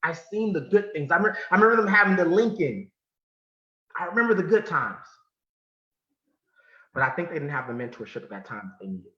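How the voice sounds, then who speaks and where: A man from California giving a motivational talk, telling a personal story with emphasis and sudden drops to a hush. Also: fairly high pitch, very animated, a little fast, pauses often. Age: adult. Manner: emphatic, swinging from loud to hushed, repeats phrases. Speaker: motivational speaker. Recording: muffled sound in an echoey room.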